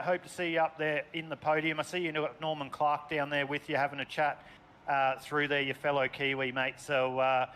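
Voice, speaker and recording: A man's voice: mid-range voice, fairly bright tone, a little hiss or hum. An Australian man commentating a sim race, chatty and calling people mate. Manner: chatty, calls drivers mate, speeds up in race calls.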